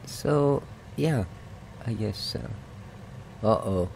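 Casting note: middle-aged Canadian man with a Canadian accent, a lower voice with a gravelly edge, unhurried let's-play chatter. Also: a little hiss or hum. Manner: slow, chatty and self-joking, drifting to soft mutters. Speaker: gaming video host. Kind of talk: casual let's-play commentary.

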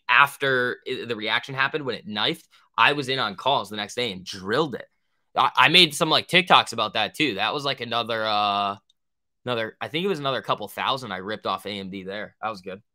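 A young man chats casually on a trading livestream, swearing freely and joking as he rambles through viewer questions. His voice has a bright, sharp edge at an ordinary pitch, and he talks in loose slang. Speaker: stock trading livestream host.

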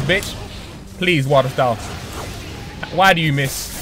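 A young man commentating his own online match with excitable, profane trash talk. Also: a little high, unhurried, faint music behind. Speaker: gaming channel host. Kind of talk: live gameplay commentary.

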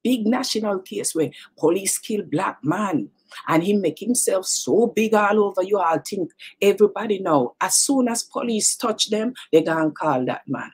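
A woman's voice: medium pitch, lively intonation, normal speed, darkish tone, husky. A middle-aged woman with a Jamaican accent hosting a talk show, chatting and teasing in a casual monologue that mixes in patois and repeats words.

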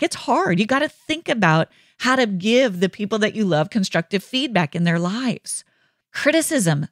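A woman's voice: fairly high pitch, fairly bright tone, dry recording, studio quality. A woman hosting a podcast, giving an earnest, faith-based teaching monologue with emphatic phrasing and frequent check-ins of "right?". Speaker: podcast host.

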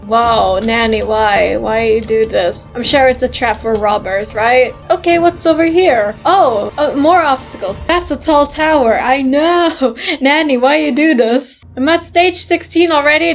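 A woman playing a game and commenting as she goes, giggling often and squealing when she slips. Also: sits high. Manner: giggly and excitable, laughs often. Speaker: gaming YouTuber. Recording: background game music.

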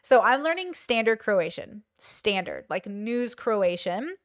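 A woman's voice: on the high side, very animated, slow, no echo, studio quality. A woman giving casual, emphatic commentary on a video, talking straight to her viewers. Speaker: reaction commentator.

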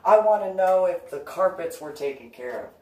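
A woman voicing a pushy, demanding stranger man in her story, higher and louder than her own voice. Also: expressive, normal speed, echoey room, far from the mic, slight background noise, close to an everyday voice, rough recording. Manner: insistent, demanding.

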